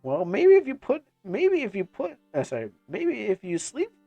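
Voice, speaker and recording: A man voicing an anxious, caring young girl in a high falsetto, in a fan comic dub. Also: wildly swooping pitch, normal speed, gravelly, dark tone, dry recording, dull audio, soft background music, heavily acted. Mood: coaxing.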